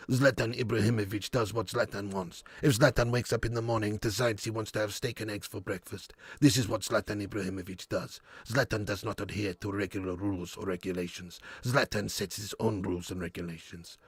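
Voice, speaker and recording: A man putting on a swaggering star striker who speaks about himself in the third person. The voice sits low and unhurried, deadpan and self-important. It is recorded close and dry. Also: slightly rough, no echo. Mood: boastful.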